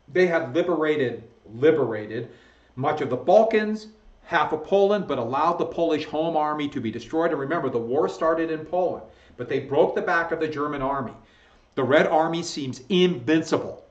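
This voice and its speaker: A man teaching history from slides, talking casually and correcting his own slips as he goes. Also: fairly high pitch. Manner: conversational, self-correcting, chuckles at own slips. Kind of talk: recorded slideshow lecture. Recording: echoey room, dull lo-fi sound.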